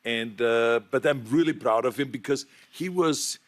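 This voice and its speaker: A man's voice: medium pitch, normal speed. A man with a German accent, a talk show guest, chatting and laughing through anecdotes in a TV studio. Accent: German-accented English. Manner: chatty, laughs while telling anecdotes, repeats words. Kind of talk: casual talk show storytelling.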